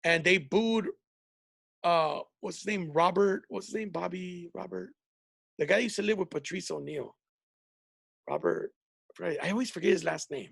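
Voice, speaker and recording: A man's voice: high-pitched, moderate pace, vocal fry, pauses often, a bit bright, husky, no echo, studio quality. A man hosting a podcast as a comedian, telling rambling, profane stories in casual chat with many restarts.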